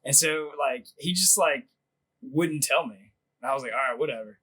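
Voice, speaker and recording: A man's voice: medium pitch, normal speed, bright, forceful tone, slightly rough, low-quality recording. A man casually telling a long story on a podcast, laughing often, swearing freely and filling his speech with "like.". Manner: laughing, profane, rambling with lots of "like". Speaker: podcast host.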